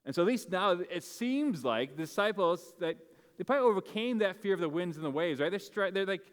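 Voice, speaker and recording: A man's voice: high-pitched, expressive, fairly quick, clean tone. A man preaching a sermon to a congregation in a casual, conversational way, with many fillers and restarts. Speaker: pastor. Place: church sanctuary. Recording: long hall reverb from a church sanctuary.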